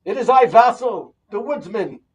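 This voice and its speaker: A man voicing a kindly rabbi disguised as a woodsman, speaking loudly and reassuringly, heard from a distant mic in a hall. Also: very high-pitched, animated, moderate pace, husky, pitched above the performer's own voice, exaggerated voice. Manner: loud, hearty, reassuring.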